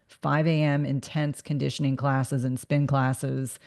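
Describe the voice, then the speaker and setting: A woman's voice: rumbling low, level tone, unhurried, gravelly, darkish tone. Earnest woman podcast host. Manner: earnest, reflective, repeats words while thinking. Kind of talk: casual interview conversation.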